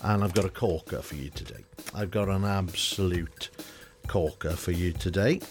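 A man's voice: deep voice, normal speed. A middle-aged man, hosting a radio show in a studio, chatting casually and running a quiz in a jokey, chuckling manner.

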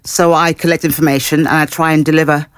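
Low-voiced earnest woman radio guest. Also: level tone, fast talker, smooth, dry recording. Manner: warm, earnest, enthusiastic, uses fillers. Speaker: care home engagement lead, radio guest. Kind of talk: casual radio interview. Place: radio studio.

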